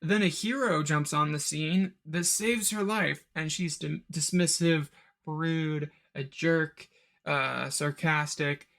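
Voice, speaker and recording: A man's voice: fairly high pitch, steady tone, slow pace, creaky, fairly bright tone. A young man hosting a solo film review podcast, ranting in an exasperated, rambling way with many restarts and fillers.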